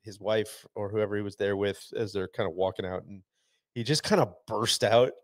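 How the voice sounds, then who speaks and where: A man co-hosting a podcast in casual chat, enthusiastic and quick to laugh. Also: on the low side, no echo. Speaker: podcast co-host.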